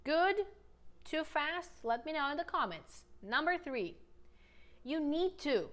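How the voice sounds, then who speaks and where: High-voiced upbeat woman teaching English. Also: lively intonation, fairly bright tone. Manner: upbeat, coaxing, slows down for model sentences. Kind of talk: online English lesson with repetition drills.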